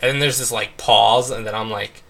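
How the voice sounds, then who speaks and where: A man's voice: lowish voice, fairly even intonation, moderate pace, sharp tone. A young man chatting casually while playing a game, rambling and filling his talk with "like" and "um". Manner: rambling, full of "like" and "um". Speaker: let's play host. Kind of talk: casual chat while gaming.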